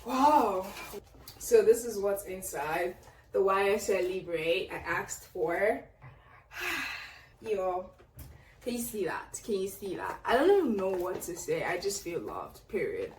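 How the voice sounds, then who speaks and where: A woman's voice: medium pitch, sing-song, takes it slowly. A young woman vlogger unboxing birthday gifts in casual chat, gushing and exclaiming often. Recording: roomy echo, distant mic, faint noise.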